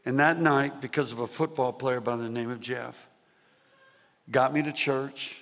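A man preaching his testimony as an animated story to a live audience, swinging from shouting to hushed tones. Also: medium pitch, unhurried. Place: large church hall with audience. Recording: reverberant hall sound.

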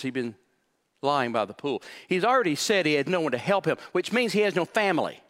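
A man's voice: on the high side, very animated, brisk. Emphatic male preacher. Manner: emphatic, repeats key phrases, swings from hushed to loud. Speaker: pastor. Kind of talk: sermon.

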